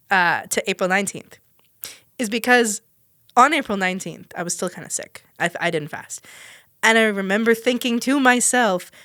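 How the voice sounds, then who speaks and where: A woman's voice: medium pitch, a bit bright, no room sound, studio quality. A young woman hosting a podcast, telling a personal story in a chatty, self-deprecating way and laughing often. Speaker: podcast host. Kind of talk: casual storytelling monologue.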